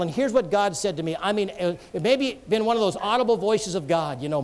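A man with a high voice delivers a sermon. He preaches earnestly, tells stories and joins in with light jokes for the congregation. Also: expressive, a little fast, few pauses.

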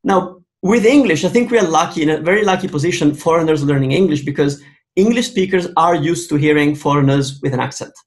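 A man's voice: fairly high pitch, fast talker. A man from Italy with an Italian accent, hosting an interview in English, talking hesitantly and restarting his sentences. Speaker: host. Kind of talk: casual interview.

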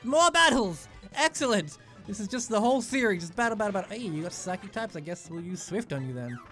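A young let's play gamer with a high voice rambles jokingly while playing a video game, talking at a quick pace. Soft music plays in the background.

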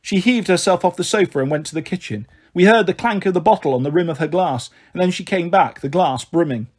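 A man reading a children's novel aloud, expressive and voicing each character in turn. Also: sits high, fairly quick, husky. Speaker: storybook reader.

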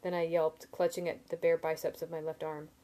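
A woman reading a novel aloud in steady first-person narration, with small slips and restarts. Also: sits low, a little fast. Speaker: reader.

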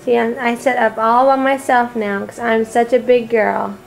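A woman's voice: on the high side, flat delivery, moderate pace, creaky, faint music behind. A woman speaking for her teething seven-month-old baby girl in first person, in a home video. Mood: fussy, proud.

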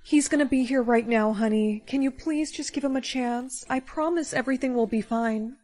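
A woman voicing a caring single mother who talks in a soft, coaxing way. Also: high-pitched, normal speed. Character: caring single mom, gentle and hopeful. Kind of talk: skit role-play.

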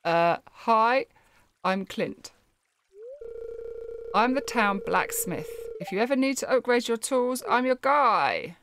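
A woman's voice: fairly high pitch, animated, slow pace, long pauses, a bit bright, a little hiss or hum. A woman reading out a shy town blacksmith who speaks hesitantly and awkwardly. He sounds unsure of himself.

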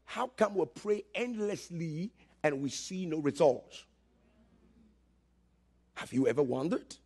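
A man preaching with a high, husky voice. He builds up to fervent shouts and calls on the congregation to answer him. The delivery is that of a live church sermon. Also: lively intonation, slow. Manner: impassioned, building to shouts, calls for audience response. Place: church service, streamed live.

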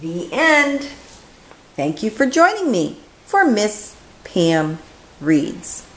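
Slow, expressive woman reading a storybook. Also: medium pitch. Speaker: children's storyteller. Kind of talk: reading a picture book aloud. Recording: echoey room.

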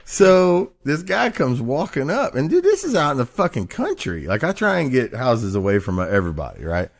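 A man's voice: medium pitch, wildly swooping pitch, moderate pace. A man hosting a podcast, telling a crude story in casual chat, rambling and swearing and laughing along the way. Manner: rambling, profane, laughs through his stories. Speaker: podcast host.

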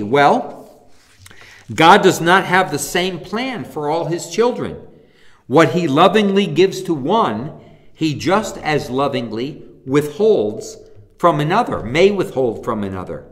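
Male pastor leading a Bible class, slightly high voice with a very lively, rising-and-falling delivery, emphatic, quizzes the room. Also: slow pace. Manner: emphatic, asks the class rhetorical questions; reads scripture passages aloud.

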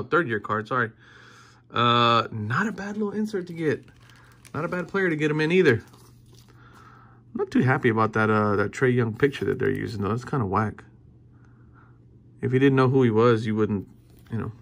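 Excitable guy ripping card packs. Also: medium pitch. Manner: excitable, repeats phrases, bursts of cheering. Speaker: card collector opening packs. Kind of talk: casual pack-opening commentary.

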